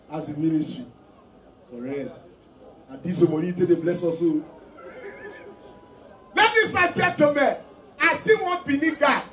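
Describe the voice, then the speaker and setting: A man doing stand-up comedy in Nigerian Pidgin English, acting out his characters in animated voices. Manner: animated, acts out characters in a shrill high voice. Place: live comedy show. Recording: roomy live venue, mic from a distance, audience noise.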